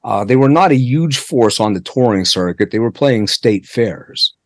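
A man's voice: medium pitch, lively intonation, moderate pace, dry recording. A man from the Pittsburgh area, an author being interviewed, who tells long stories with asides and restarts. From Pittsburgh area, United States. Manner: chatty storyteller, many asides and restarts. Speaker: author guest. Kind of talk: conversational interview.

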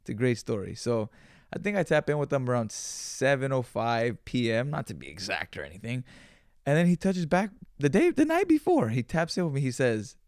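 A man's voice: mid-range voice, big pitch swings, normal speed, darkish tone, no echo, studio quality. A man in his twenties telling a rambling, profane story in slangy casual talk, acting out bits of dialogue. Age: 20s. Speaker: podcast host.

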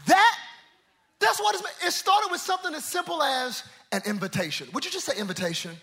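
A man preaching a sermon, calling out to the congregation and swinging from hushed, low asides to shouted climaxes. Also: expressive, fairly quick, vocal fry. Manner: preaching with call-and-response, swinging from quiet to shouting. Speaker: pastor.

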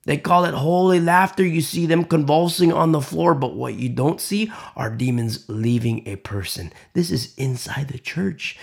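A man preaching a sermon, swinging from loud emphatic lines to hushed whispers. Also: a little high, moderate pace, gravelly, hardly any pauses, slightly rough. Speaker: pastor.

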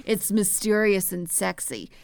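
A woman in her thirties with an American accent, a podcast guest telling animated, profane stories in casual chat. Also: mid-range voice, unhurried, gravelly, clean tone, dry recording. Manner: animated storyteller, swears freely, acts out voices.

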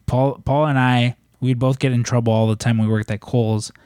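A man's voice: medium pitch, fairly even intonation, fairly quick, a little mellow, dry recording, studio quality. A man casually telling rambling stories in a podcast chat, with plenty of swearing. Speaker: podcast co-host.

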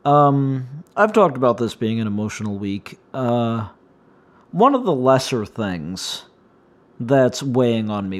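A man hosting a solo podcast, his voice slightly hoarse and shaky, rambling and wryly complaining as he talks. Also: medium pitch. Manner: meandering, self-interrupting, wry complaints. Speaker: podcast host.

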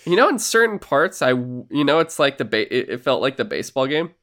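A man co-hosting a casual podcast, recapping a video game and acting out character lines in quick put-on voices. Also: medium pitch, very animated, fairly bright tone. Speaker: podcast co-host. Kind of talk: casual chat.

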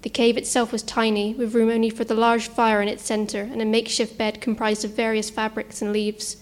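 A woman narrating a suspense story in a measured, tense manner. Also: on the high side, level tone.

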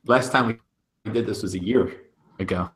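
A man hosts a casual podcast with deadpan, joking banter. His voice sits fairly low, and he keeps an easy conversational rhythm. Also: moderate pace. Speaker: podcast host.

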